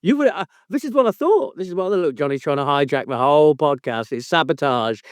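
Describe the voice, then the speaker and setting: A man hosting a casual podcast, his voice high and animated as he ribs his co-host with mock outrage and casual swearing. The sound is close and dry. He leans hard into exaggerated exasperation. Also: a little fast, smooth, no echo. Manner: teasing, mock-indignant, swears freely. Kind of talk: casual chat.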